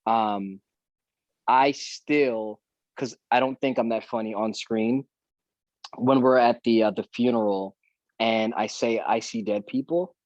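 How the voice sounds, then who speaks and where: A man's voice: mid-range voice, takes it slowly, pauses often, no room sound, muffled recording. A man, a guest actor, chatting casually on a podcast and acting out quotes as he tells stories. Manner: animated storyteller, acts out quotes.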